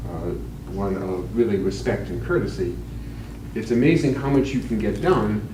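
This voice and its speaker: A man's voice: fairly low pitch, noisy background. Man lecturing from a distant, echoey room. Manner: relaxed storyteller, plain-spoken advice. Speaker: physician giving a leadership talk. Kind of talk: conference lecture with jokes. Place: meeting room with a live audience.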